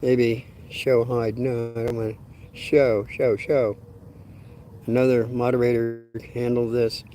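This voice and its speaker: An older man telling a rambling, folksy story on a livestream, with many pauses and fillers. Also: medium pitch, little pitch movement, dark tone. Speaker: livestream host.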